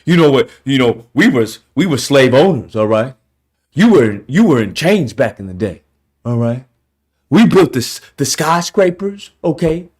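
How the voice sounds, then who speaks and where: A man's voice: medium pitch, sing-song, unhurried, a little mellow, voice pushed down. A man voicing a smug, boastful bigoted man in a self-important drawl, mocking him in a commentary video.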